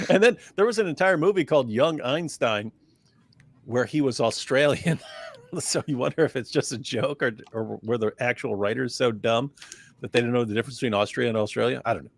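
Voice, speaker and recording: A man co-hosting a live stream, making deadpan, sarcastic remarks in casual chat. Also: medium pitch, fairly quick, creaky, no room sound. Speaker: co-host.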